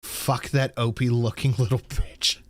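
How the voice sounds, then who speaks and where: A man's voice: mid-range voice, flat delivery, unhurried, no echo, clean studio sound. A man co-hosting a casual political livestream, blunt and profane as he rants and reads out donations. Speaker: livestream co-host reading donations.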